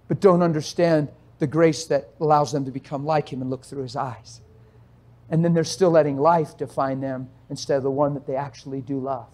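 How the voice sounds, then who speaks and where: A man preaching as a pastor, impassioned and pleading, firing off rhetorical questions and swinging between hushed, quiet passages and loud outbursts. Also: on the high side. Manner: asks rapid rhetorical questions. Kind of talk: sermon.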